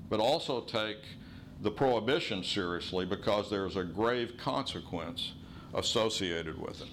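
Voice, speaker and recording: Middle-aged guy preaching, earnest teacher vibe, slows down on the big points, bit of faint room noise behind. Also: mid-range voice, a bit bright. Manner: earnest teaching tone, slows and stresses key phrases. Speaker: pastor. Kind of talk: sermon.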